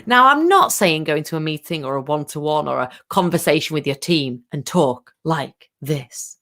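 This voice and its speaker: A woman coaching a workshop on confident speaking, talking in a lively, expressive way. Her voice sits a little low for a woman, and she talks like a presenter who does a lot with her hands. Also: fairly quick. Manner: dynamic, expressive, chatty presenter. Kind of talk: online workshop talk.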